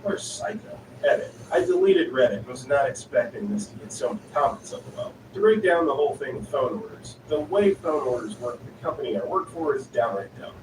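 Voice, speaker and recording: A man reading online stories aloud in an even, unhurried narrating style. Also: medium pitch. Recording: echoey, distant voice with noisy ambience.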